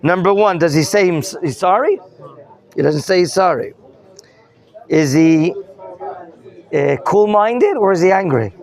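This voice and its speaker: High-voiced man teaching a Bible class. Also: expressive, measured pace, creaky, long pauses. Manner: questions students and explains terms. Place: study hall classroom.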